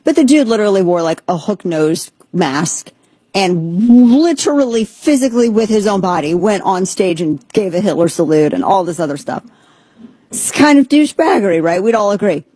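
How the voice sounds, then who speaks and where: A woman with a husky, slightly breathy voice, hosting an opinionated commentary monologue. She talks with sardonic emphasis and blunt slang, and her speech sounds dry and close, with no room echo. She has an ear infection. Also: lowish voice, animated, moderate pace, mellow. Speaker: show host.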